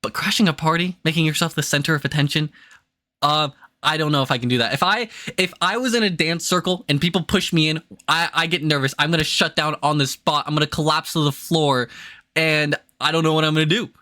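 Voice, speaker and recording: Excitable, rambling young man streaming. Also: fairly high pitch, a little fast, no room sound, clean studio sound. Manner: rambling and excitable, with many restarts. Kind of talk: casual livestream chat.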